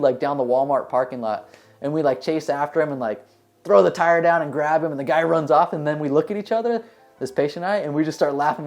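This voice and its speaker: Relaxed rambling man telling work stories. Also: medium pitch, fast talker. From United States. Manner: relaxed, rambling, many "you know" fillers. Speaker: dentist. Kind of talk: casual interview answers, storytelling.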